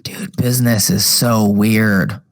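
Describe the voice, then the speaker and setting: A man's voice: lowish voice, fairly even intonation, takes it slowly. A man co-hosting a podcast, chatting casually and thinking aloud, full of likes and trailing questions. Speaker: podcast co-host. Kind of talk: casual chat.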